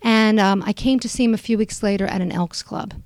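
An older woman comedian chatting in an interview, telling animated stories full of fillers and acted-out quotes. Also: brisk, dry recording. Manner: animated storyteller, acts out quotes with big pitch jumps; frequent fillers. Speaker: stand-up comedian guest. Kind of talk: casual interview chat.

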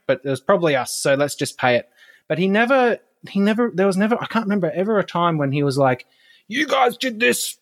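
A man talking as a podcast guest in a relaxed, animated way, laughing often. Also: on the high side. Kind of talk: casual podcast conversation.

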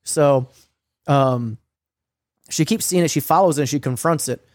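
A young man telling a story in casual chat, swearing a lot and filling his talk with "like" and "um," sometimes acting out quoted lines in a higher voice. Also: unhurried, darkish tone, no echo, studio quality. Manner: profane, rambling storytelling with many fillers; acts out quoted lines with a raised voice. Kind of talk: casual recap of a streamed game.

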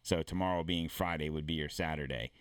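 This podcast host has a rumbling low voice, talking a little fast and smoothly in a dry recording. His casual monologue is a rambling, profane rant, blunt and riddled with false starts.

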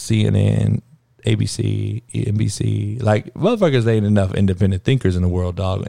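A man's voice: on the low side, gravelly, darkish tone, dry recording, studio quality. A man hosting his own talk show, ranting heatedly and swearing constantly in street slang. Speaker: sports talk show host. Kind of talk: unscripted profane rant.

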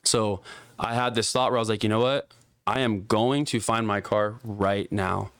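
A young man with a lowish, smooth voice tells a story in loose, profane podcast chat. He leans hard on "like" and gets animated as he goes. The sound is close and dry. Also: moderate pace, no room sound. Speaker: guest telling a story.

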